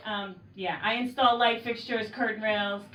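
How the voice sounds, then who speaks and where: A woman's voice: mid-range voice, fairly even intonation, normal speed, a bit bright, highs cut off. A woman from Oakland, California performing a stand-up comedy set in a bar, talking casually and wryly, swearing freely and acting out the people she quotes. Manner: conversational, wry, swears freely, acts out quoted voices. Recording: roomy mic from far off, audience laughter.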